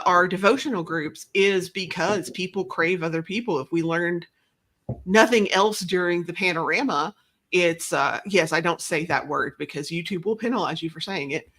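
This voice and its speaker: This interview guest has a lowish voice with a fairly bright tone. She speaks in casual conversation, rambling and self-deprecating, and keeps restarting her sentences.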